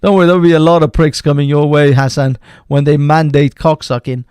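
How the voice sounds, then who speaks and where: A man with a fairly high voice runs a live stream, ranting hotly and swearing freely. His sentences stop and restart as he goes. The sound is dry and close, with no room around it. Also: steady tone, fairly quick, a little mellow, smooth, dry recording. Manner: profane, heated, interrupts himself. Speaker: livestream host.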